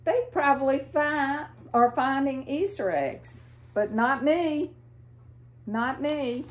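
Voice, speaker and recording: Storybook little bunny boy, downcast and teary, slow and a bit high, read by a woman. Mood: forlorn. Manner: tearful, downcast. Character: little young male bunny, sad and discouraged.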